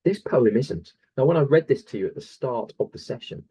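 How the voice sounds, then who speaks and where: A man's voice: mid-range voice, expressive, fairly quick, dark tone, breathy edge, muffled recording. A man teaching an online poetry revision lesson over a video call, enthusiastic and explaining step by step with many fillers. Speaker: English teacher.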